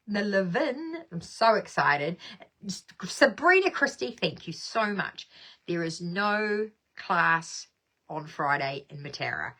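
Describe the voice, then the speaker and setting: A woman's voice: mid-range voice, pushed and bright. Bubbly New woman on a live stream. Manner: bubbly, chatty, reads viewer comments aloud and laughs often. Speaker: craft demonstrator hosting a live stream. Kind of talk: casual live stream chat.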